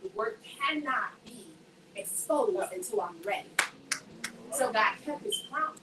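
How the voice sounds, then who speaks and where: A woman's voice: fairly high pitch, big pitch swings, measured pace. A woman giving a faith testimony to a group, telling her story with energy and acting out the voices of the people in it. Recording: echoey room, voice from a distance, faint background noise.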